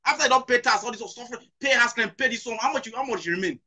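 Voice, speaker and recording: A man's voice: very high voice, racing, bright, forceful tone. A middle-aged man with a Nigerian accent hosting a talk show, talking emphatically, repeating his questions and mixing in Pidgin. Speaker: host. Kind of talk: impassioned talk show discussion.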